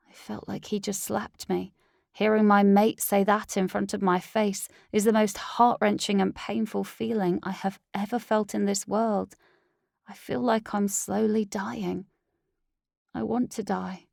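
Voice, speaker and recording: Woman with a creaky voice narrating an audiobook. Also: mid-range voice, little pitch movement, measured pace, darkish tone, no room sound, clean studio sound. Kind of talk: scripted first-person audiobook narration.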